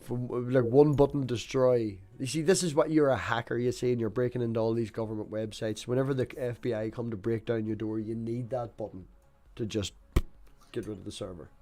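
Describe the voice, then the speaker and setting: A man's voice: medium pitch, fairly even intonation, fairly quick, mellow. A young man hosting a casual live stream on an online call, joking, rambling and swearing as he talks. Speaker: livestream host.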